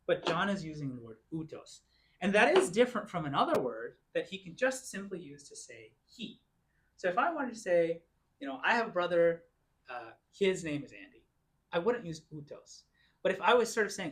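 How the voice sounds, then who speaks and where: Lively-voiced man teaching a Greek class. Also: sits high. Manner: explains patiently, reads Greek slowly word by word. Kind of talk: classroom lecture. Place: church classroom.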